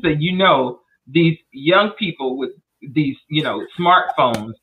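A woman hosting a faith conversation over a remote call, encouraging and animated. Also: sits low, takes it slowly. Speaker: host. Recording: tinny remote phone line.

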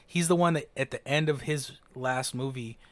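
A man's voice: medium pitch, normal speed, no echo. A man co-hosting a podcast, chatting casually and rambling with enthusiasm, swearing now and then. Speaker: podcast co-host. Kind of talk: casual chat.

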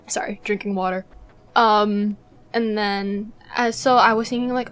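A woman's voice: medium pitch, a little slow, faint music behind. Giggly young woman gushing as a fan. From Malaysia. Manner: giggly, gushing fan talk with frequent laughs. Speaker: podcast co-host. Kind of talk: casual chat.

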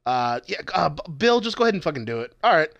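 A man's voice: on the high side, very animated, quick pace, creaky, fairly bright tone, no room sound, highs cut off. A man in casual, heavily profane chat, laughing as he reads out his notes. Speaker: podcast co-host.

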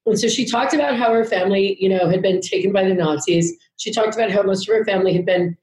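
A woman tells a long story in a loose, rambling way, cursing without a second thought. Her voice sits at an ordinary middle pitch. The recording has a roomy echo around it. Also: fast, a little mellow. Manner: candid, rambling, swears freely. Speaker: podcast guest. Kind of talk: casual storytelling chat.

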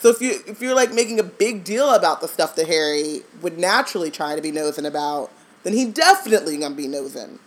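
A woman's voice: sits low, lively intonation, fast talker. Chatty woman co-hosting a book podcast. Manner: chatty, laughs often, trails off and restarts. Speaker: podcast co-host. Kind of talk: casual chat.

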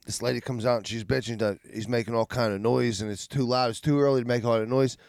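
A man's voice: mid-range voice, steady tone, fast talker, creaky, darkish tone, no room sound. A man telling joking anecdotes in casual podcast chat. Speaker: podcast co-host.

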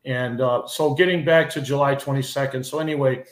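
A man's voice: medium pitch, steady tone, a little fast. A middle-aged man, a veteran wrestler guesting on a podcast, speaking emotionally and heatedly, repeating and restarting his words. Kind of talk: podcast interview. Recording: echoey room.

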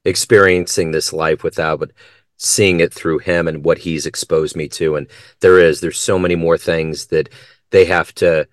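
A man's voice: low voice, fairly even intonation, unhurried, no room sound, clean studio sound. A man hosting a podcast interview, talking reflectively and asking his guest questions. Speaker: podcast host.

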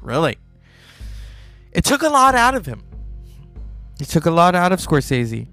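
A male podcast host talks about a film in a rambling, chatty way. His voice sits a little high. Faint music plays behind. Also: very animated, a little slow, bright, forceful tone. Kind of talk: casual film commentary.

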